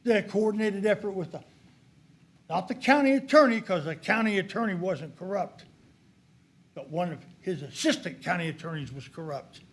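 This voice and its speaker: In a county commissioners' court meeting room, an older man gives public comment at a county meeting, heated, accusatory and emphatic. His voice is high, brisk and has a breathy edge.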